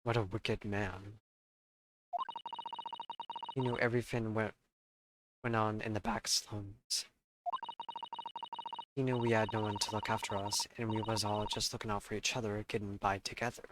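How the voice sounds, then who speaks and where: A man's voice: on the low side, level tone, normal speed, pauses often, very noisy, lightly acted. A man doing a defiant street girl. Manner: slangy, defiant, tough. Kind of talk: reading game dialogue aloud. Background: loud game music.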